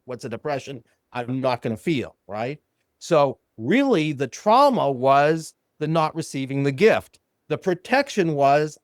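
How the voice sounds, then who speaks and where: An older man, a psychologist guest on a podcast, telling a client story and acting out the dialogue in animated quotes. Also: on the high side, normal speed, no room sound, clean studio sound.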